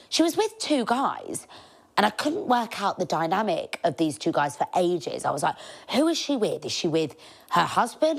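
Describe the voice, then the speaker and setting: A woman, telling cheeky stories as a podcast host, chatty and laughing often. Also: lowish voice. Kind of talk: casual storytelling monologue.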